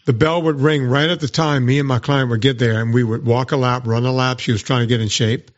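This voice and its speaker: A man's voice: medium pitch, brisk, muffled recording. A man hosting a podcast, telling stories in casual chat and acting out what other people said in mock voices. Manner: animated storytelling with mock quoted voices. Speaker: podcast host and trainer.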